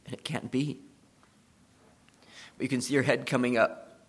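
A man preaching a sermon, retelling a story and swinging between hushed passages and emphatic ones. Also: mid-range voice, steady tone, moderate pace, husky.

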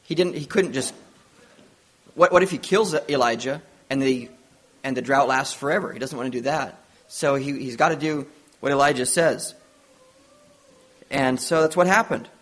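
A man's voice: mid-range voice, normal speed, pauses often. A man preaching a sermon, retelling a Bible story with earnest storytelling and acted-out dialogue.

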